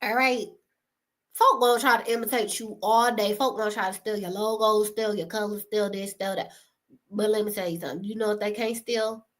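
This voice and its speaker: A woman's voice: mid-range voice, fairly even intonation, brisk. A woman, chatting casually to camera, giving motivational advice to creators, often laughing and calling her viewers y'all.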